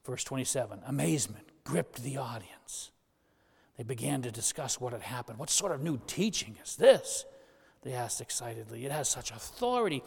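A man preaching a sermon as pastor, with animated delivery, quick asides and voices for the people he quotes. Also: mid-range voice, big-room sound.

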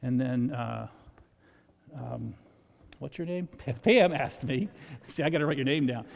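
Chatty pastor preaching in a reverberant hall. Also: male voice, animated, measured pace, gravelly. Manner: conversational preaching, swells loud and high for emphasis. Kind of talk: sermon. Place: church sanctuary. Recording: long reverb of a church hall.

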